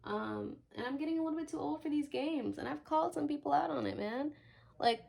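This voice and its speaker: A woman's voice: high voice, brisk, creaky, darkish tone. A young adult woman vlogging casually, telling a story in a chatty, filler-heavy way and acting out what people said. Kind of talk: casual vlog rant.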